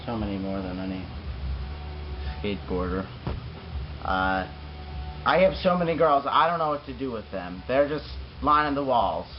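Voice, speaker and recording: A man's voice: medium pitch, animated, normal speed, pauses often, highs cut off, over music, close to an everyday voice. A man playing a boastful, crude pro scooter rider in a mock interview comedy sketch, rambling and bragging.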